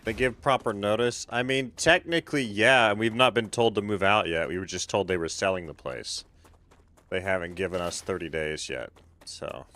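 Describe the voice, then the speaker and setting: A man's voice: fairly low pitch, normal speed, pushed and bright. A man, streaming a game and chatting casually with viewers, laid-back and swearing freely, often trailing off. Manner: chats with viewers by name. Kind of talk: casual live-stream chat while gaming.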